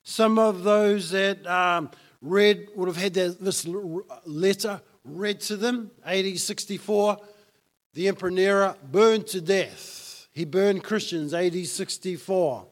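A man's voice: high-pitched, slow pace. A man preaching a sermon as pastor, emphatic and fond of repeating key lines for effect.

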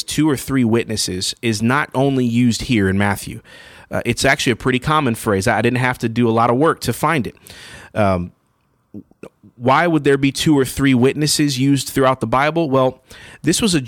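A man's voice: mid-range voice, dry recording. Conversational male preacher, dry sound. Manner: conversational, checks in with "okay?" and "all right?"; frequent fillers and restarts. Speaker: pastor. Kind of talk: sermon teaching.

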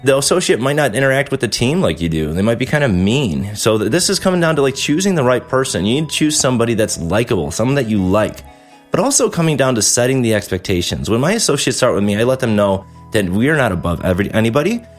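A man's voice: medium pitch, soft background music. A man in his thirties hosting a show, talking through practical advice in a casual, conversational way and briefly acting out quoted lines. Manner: animated, conversational, acts out quick quoted asides. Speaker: dental practice owner and podcast host.

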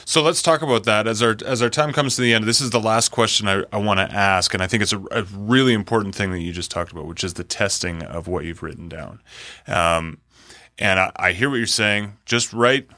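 A man hosting an interview who speaks calmly, gives short affirmations and steers toward a final question. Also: lowish voice, a little fast, dry recording. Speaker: interview host. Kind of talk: casual interview.

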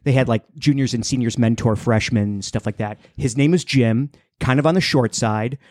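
A young man telling a long, rambling story on a casual podcast, jumping into high-pitched voices for the people in it. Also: normal speed, darkish tone, dry recording, studio quality. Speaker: podcast co-host.

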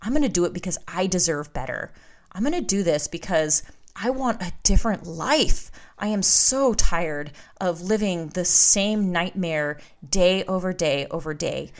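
A woman's voice: fairly low pitch, animated, unhurried. A woman hosting her own podcast, talking candidly and emphatically in a motivational monologue. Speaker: podcast host. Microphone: podcast microphone.

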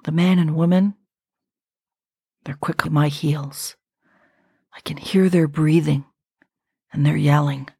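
A woman in her fifties hosting a podcast, telling a personal story in a slow, reflective and intimate way. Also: low-pitched, fairly even intonation, vocal fry, dark tone, husky, no echo, studio quality. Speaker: podcast host.

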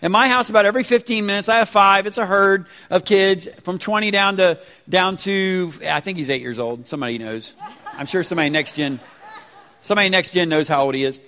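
A pastor in his forties who preaches a sermon in a casual, animated way with slangy asides. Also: high-pitched, fairly quick. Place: church sanctuary. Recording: reverberant church hall.

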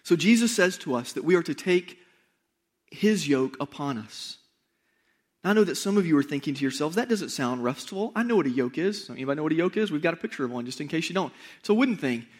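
A pastor delivering a sermon in a conversational way, speaking straight to the congregation with rhetorical questions and emphatic repetition. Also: male voice, on the high side, lively intonation, quick pace.

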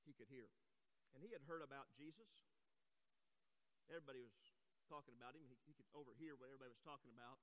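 A man's voice: mid-range voice, quick pace, pauses often, a bit bright. A man preaching a sermon, telling a story that builds to impassioned cries, in a church sanctuary. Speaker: pastor. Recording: long hall reverb.

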